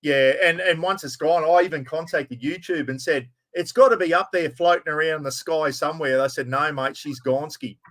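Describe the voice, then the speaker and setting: A man's voice: fairly high pitch, brisk, hardly any pauses, fairly bright tone. An Australian man hosting a casual livestream chat, blokey and laughing easily, swearing casually as he talks. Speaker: livestream host.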